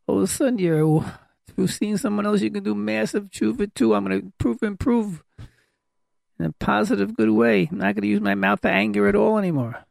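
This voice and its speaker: Man preacher, high-pitched and very gravelly, urging and repeating himself. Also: brisk, a little mellow, no echo, clean studio sound. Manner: emphatic, repetitive, exhorting. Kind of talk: sermon.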